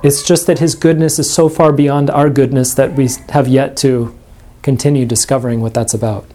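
A man's voice: mid-range voice, fairly even intonation, normal speed, mellow, a little hiss or hum. A man giving a classroom lecture to a small group, thinking aloud with frequent restarts and asides. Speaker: religion class teacher.

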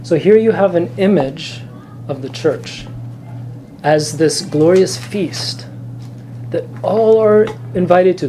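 A man giving an earnest, informal teaching talk as an Orthodox Christian, speaking in short, gentle phrases. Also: sits high, slight background noise.

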